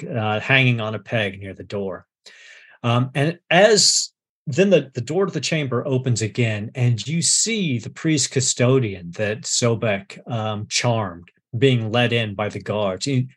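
A man with a husky, mid-pitched voice runs a tabletop game as game master. He narrates in halting bursts, with frequent fillers and restarts. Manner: hesitant, many fillers and restarts.

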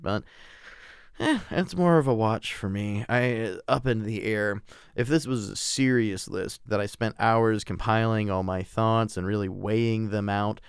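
A man's voice: lowish voice, clean tone, dry recording, clean studio sound. A man hosting a solo podcast, talking casually and rambling about films with frequent swearing and self-deprecating asides. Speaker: podcast host reviewing films.

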